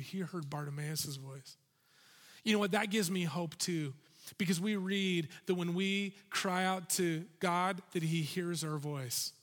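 A man preaching an animated, urgent sermon in a church sanctuary with a reverberant sound. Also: high-pitched. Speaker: pastor. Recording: reverberant hall.

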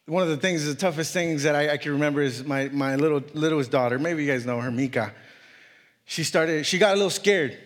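Heard in a large hall, a guest preacher in his thirties tells an earnest personal story in his sermon, often halting and starting over. His voice is slightly high.

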